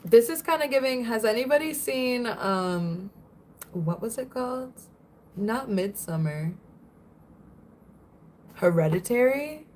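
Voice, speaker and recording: A woman's voice: fairly high pitch, lively intonation, slow, pauses often, a little mellow, slight background noise. A young woman from Florida chatting casually on a livestream, giggling often and answering viewers' comments.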